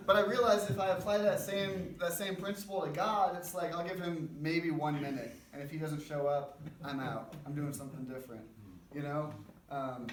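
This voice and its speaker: A man's voice: a little high, fairly even intonation, moderate pace, crowd noise. A young man giving an informal, conversational sermon at a church men's breakfast, with a self-deprecating manner. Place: church gathering room. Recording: roomy, distant mic, faint background noise.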